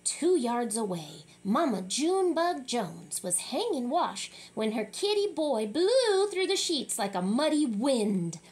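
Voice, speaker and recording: Animated woman reading a picture book. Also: a little high, slow, hardly any pauses. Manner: animated, chatty asides to young listeners. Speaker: storyteller.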